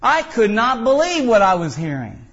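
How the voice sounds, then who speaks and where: Emphatic folksy preacher, high voice. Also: male voice, wildly swooping pitch, normal speed, fairly bright tone, muffled recording. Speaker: pastor. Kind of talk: sermon.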